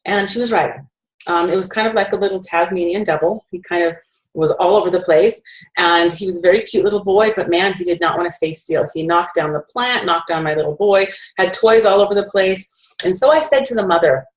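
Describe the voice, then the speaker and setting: A middle-aged woman with a slightly low voice talks through a story in a relaxed, chatty way. She pauses with fillers and corrects herself as she goes, like she is presenting to friends. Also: poor audio. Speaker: essential oil presenter.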